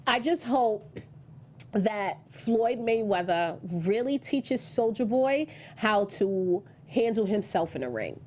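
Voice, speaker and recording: A woman's voice: medium pitch, expressive, slow, darkish tone, slight background noise. A woman co-hosting a casual celebrity gossip chat, blunt and slangy, her voice a little sick today. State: slightly sick voice. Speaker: co-host.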